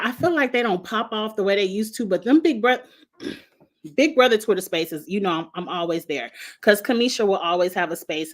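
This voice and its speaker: A woman, hosting a casual reality TV review, blunt and sassy, with frequent laughs and cursing. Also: medium pitch. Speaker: host of a reality TV review show. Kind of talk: casual chat reading viewer comments.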